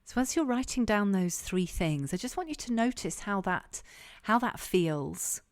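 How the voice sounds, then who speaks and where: Over an online call, a woman leadership coach leads a group session calmly and encouragingly, repeating her key questions. Her voice is medium-pitched and unhurried.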